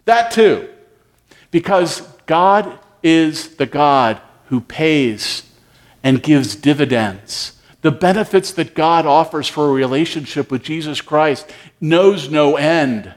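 Lively high-voiced man preaching. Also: takes it slowly. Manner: storytelling, acts out dialogue in character voices. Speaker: pastor. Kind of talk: sermon.

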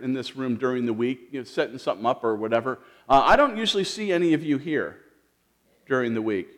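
A man leading a children's sermon as pastor in a church, gentle and lively, asking the kids questions with frequent restarts. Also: medium pitch. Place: church sanctuary.

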